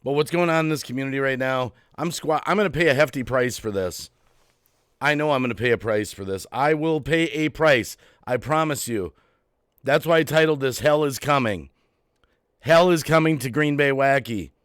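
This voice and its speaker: A man hosting his own channel's live stream, agitated and worked up, repeating phrases and swinging between quiet and loud. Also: mid-range voice, normal speed, smooth, no room sound, studio quality. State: agitated, heart racing. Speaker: YouTube channel host. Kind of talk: emotional live-stream rant.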